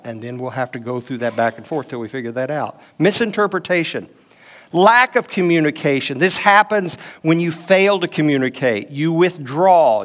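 A middle-aged man teaches a marriage class in an easy, conversational way. His voice sits slightly high for a man, and he slips into quoted back-and-forth from everyday life to make his points. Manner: conversational, uses personal anecdotes and quoted dialogue. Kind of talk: teaching session with audience questions.

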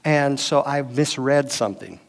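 A man's voice: mid-range voice, unhurried, creaky. A middle-aged man teaching a marriage class in a casual, conversational way, telling stories from home. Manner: conversational, uses personal anecdotes and quoted dialogue. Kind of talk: teaching session with audience questions.

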